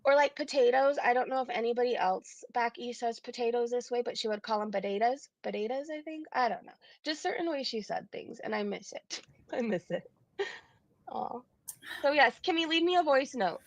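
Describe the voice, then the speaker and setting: A woman's voice: fairly high pitch, expressive, fairly quick, dry recording. A woman hosting a casual livestream, rambling with lots of fillers and frequent laughs. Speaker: livestream host.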